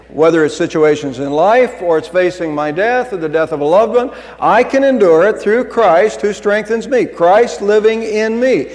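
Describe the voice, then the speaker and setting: Earnest pastor preaching in a reverberant church. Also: male voice, sits high, darkish tone. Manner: earnest, conversational preaching with restarts. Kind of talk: sermon. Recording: long hall reverb.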